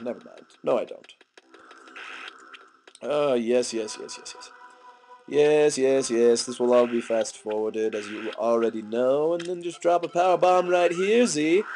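A man's voice: fairly high pitch, a little mellow, low-quality recording. A young man with a sore, gunky throat giving goofy gaming commentary full of silly outbursts. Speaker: let's play commentator.

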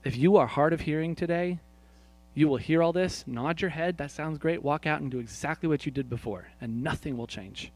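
A man preaching a sermon to his congregation. He asks them questions, speaks to people by name, and swings from quiet, hushed prayer lines to loud, emphatic points. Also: on the high side, brisk. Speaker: pastor.

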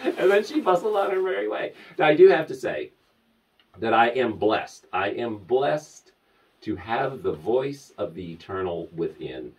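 Animated man telling funny stories. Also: unhurried, distant mic, low-quality recording. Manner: animated, laughing often, bursts into high squeals. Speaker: vlogger. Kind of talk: casual storytelling to camera.

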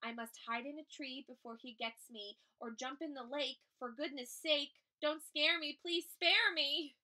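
Fretful pleading storybook elephant, a woman puts on, high and bright. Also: steady tone, moderate pace, recorded from a distance. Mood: panicked. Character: anxious, apologetic male elephant.

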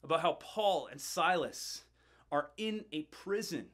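A middle-aged male pastor telling a story in a sermon, animated and building tension, often repeating words as he goes. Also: fairly high pitch, measured pace.

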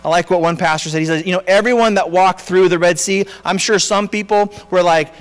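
Man, pastor, high voice, earnest sermon, restarts and fillers, long church reverb. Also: steady tone, fairly quick, clean tone. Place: church sanctuary.

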